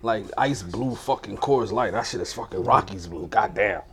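A man's voice: fairly low pitch, normal speed. A man hosting a podcast, chatting casually about sports in a profane, rambling way with many restarts. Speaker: podcast host.

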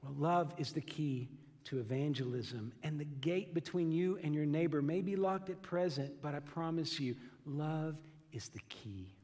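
A pastor giving an earnest, emphatic sermon, slowing down to stress key phrases and often repeating words as he goes. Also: on the high side, a little mellow. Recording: long hall reverb.

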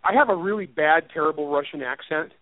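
A man who is an author rambles through a casual interview, laughing often and poking fun at himself. His voice sits a little high for a man. The sound is tinny and phone-like, with a dry room. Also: quick pace, no echo. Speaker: author and writing teacher.

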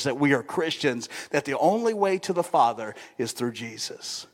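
A man's voice: mid-range voice, moderate pace, hardly any pauses. A male pastor preaching a sermon in a conversational manner, often checking in with the congregation. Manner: conversational, keeps asking the congregation "right?". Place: church sanctuary. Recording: long church-hall reverb.

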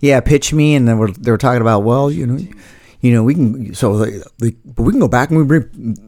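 A man's voice: mid-range voice, fairly quick, darkish tone. Joking man in casual chat. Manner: joking, laughs often. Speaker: podcast co-host.

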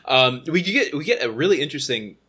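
A man chatting casually on a podcast, walking through episode details and tossing in little quoted lines. His voice is bright and forceful at a middle pitch. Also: big pitch swings, fairly quick, slightly rough. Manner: chatty, recaps episodes with fillers and acted quotes. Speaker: podcast co-host. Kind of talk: casual chat.

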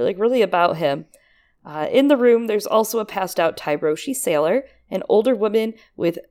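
A woman's voice: mid-range voice, darkish tone, smooth. A woman co-hosting a casual book podcast, analyzing the chapter with enthusiasm and frequent laughter. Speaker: podcast co-host.

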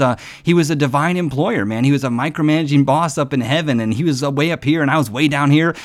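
A man preaching in an earnest, conversational way, swinging between hushed and emphatic passages. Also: medium pitch. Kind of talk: sermon-style devotional talk.

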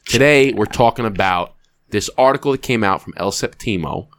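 Low-voiced man, blunt podcast co-host. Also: normal speed. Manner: blunt, profane, animated storytelling. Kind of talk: casual chat.

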